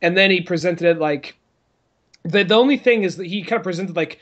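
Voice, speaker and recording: A man's voice: high voice, fairly quick, a bit bright, highs cut off. A man co-hosting a podcast in casual chat, easygoing, laughing and swearing. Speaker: podcast co-host.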